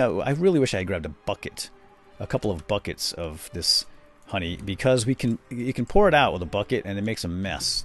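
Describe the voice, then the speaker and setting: A middle-aged man hosting a casual game commentary, chatty and rambling as he tells stories and narrates what he is doing. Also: lowish voice. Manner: chatty storyteller, rambling asides. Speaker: host. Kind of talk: casual let's-play commentary.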